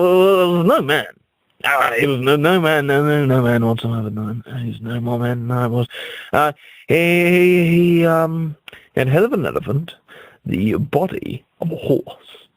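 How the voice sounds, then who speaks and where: A man's voice: a little high, lively intonation, a little slow, no room sound, low-quality recording. A man doing an absurd, mock-serious comic radio monologue, rambling and stammering over his own words.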